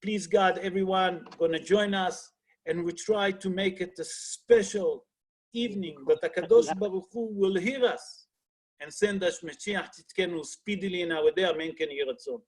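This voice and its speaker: Husky, high-voiced rabbi teaching. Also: male voice, moderate pace. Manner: earnest, asks rhetorical questions, non-native English grammar. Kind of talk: teaching an online class.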